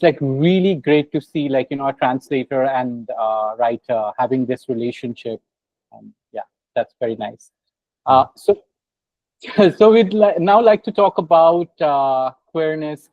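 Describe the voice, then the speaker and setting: A man's voice: a little high, dry recording. Hesitant male host with dull audio. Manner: hesitant, many filler words. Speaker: interviewer, host. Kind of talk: interview questions.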